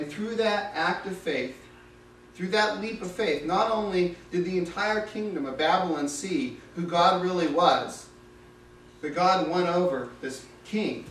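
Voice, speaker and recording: A man preaching a sermon, retelling a story with dramatic, animated delivery, recorded in an echoey room from a distance. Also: fairly high pitch. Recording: echoey room, distant mic, faint hiss.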